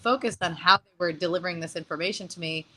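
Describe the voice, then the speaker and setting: A woman speaks as a guest on a video call, her voice sitting a little low yet sounding bright and forceful. She talks in an animated, casual way and breaks into laughter often. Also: fast, low-quality recording. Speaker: guest performer. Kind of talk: casual interview chat.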